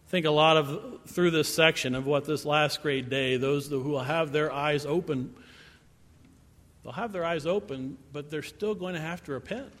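A man's voice: on the high side, normal speed, fairly bright tone. A man giving a sermon, reading scripture verses and commenting on them in a conversational way. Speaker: pastor. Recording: reverberant hall.

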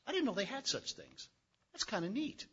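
A man preaching a conversational sermon, reading scripture with folksy, animated asides. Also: high-pitched, moderate pace, husky, highs cut off. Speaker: pastor.

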